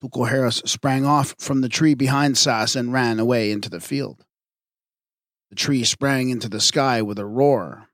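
A man narrating an audiobook of myths in a measured, even reading. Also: mid-range voice, no echo, studio quality. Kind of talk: scripted narration.

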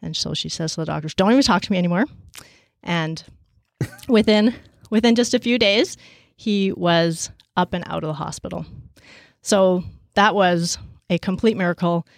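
Low-voiced woman telling a story. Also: unhurried, creaky, no echo, clean studio sound. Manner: animated, acts out quoted voices at a higher pitch; loose, with many fillers. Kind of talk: casual storytelling.

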